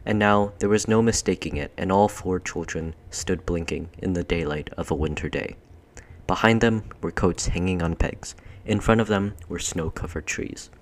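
A man reading a children's storybook aloud in a measured, expressive narration. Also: sits low. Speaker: audiobook reader.

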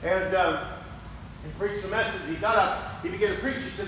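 High, bright preacher in an echoey room. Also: male voice, a little fast, noisy background. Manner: animated, acts out prayers in a raised voice. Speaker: pastor. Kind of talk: sermon. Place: church sanctuary. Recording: echoey room heard from a distance.

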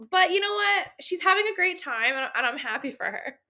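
A woman co-hosting a book podcast, chatting in an animated way, laughing often and swearing casually, and sometimes reading aloud from the novel. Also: very high voice, brisk, hardly any pauses. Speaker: podcast co-host.

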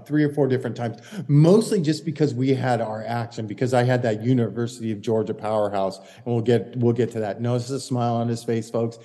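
A man's voice: mid-range voice, dark tone, big-room sound. A man, a caddie and podcast co-host, chatting casually and telling stories in a rambling, self-correcting way. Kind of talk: casual chat.

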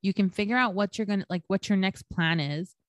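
A woman's voice: medium pitch, fairly quick, dry recording, dull audio. A young woman co-hosting a podcast, telling stories in a casual chat full of fillers and swearing. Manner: swears freely, storytelling with lots of fillers. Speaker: podcast co-host.

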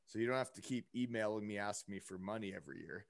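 A man's voice: on the low side, fast, gravelly, no room sound. A young man telling a story in casual chat, rambling with lots of fillers and asides. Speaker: podcast guest.

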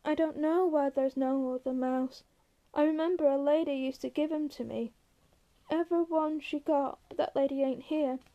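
A woman voicing a big, simple-minded, gentle man who speaks in a plaintive, childlike way. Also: high-pitched, fairly even intonation, normal speed, muffled recording.

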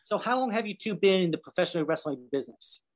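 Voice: medium pitch, lively intonation, fast. A host interviewing guests, asking loose, rambling questions. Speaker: podcast host.

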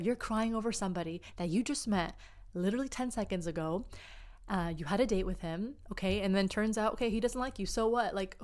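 A young woman hosting a podcast, chatting casually and telling a personal story with lots of filler words. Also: mid-range voice. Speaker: podcast host. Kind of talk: casual chat.

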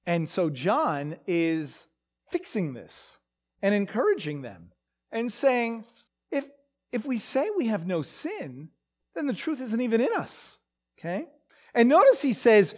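An animated teacher whose pitch rises and falls all through the lesson. Scripture is read aloud and then unpacked with firm emphasis. Frequent "right?" and "okay?" check-ins keep the listeners engaged. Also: slow. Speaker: Bible teacher. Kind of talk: verse-by-verse Bible teaching.

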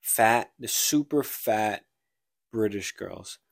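A man's voice: fairly low pitch, slow, gravelly, no room sound, clean studio sound. A man co-hosting a casual podcast, retelling a book plot in a rambling way and acting out the characters' lines. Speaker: podcast co-host.

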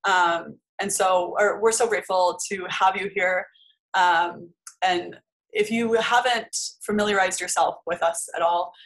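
Woman cohosting a podcast, loose chatty rambling, medium pitch. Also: rough recording. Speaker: podcast co-host. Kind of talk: casual podcast chat.

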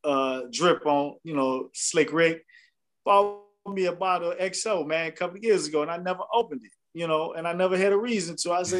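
A man's voice: on the high side, a little fast. A man in his fifties, co-hosting a podcast, telling a laughing story about his birthday party in casual slang. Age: 50s. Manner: laughing storyteller, Southern Black vernacular slang. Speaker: podcast co-host.

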